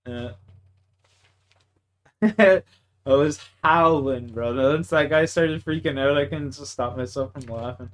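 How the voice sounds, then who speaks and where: A man's voice: fairly high pitch, takes it slowly, long pauses. A man from Canada, chatting casually and cursing while streaming a game and telling stories. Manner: profane, excitable storytelling with laughs. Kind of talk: casual chat while gaming.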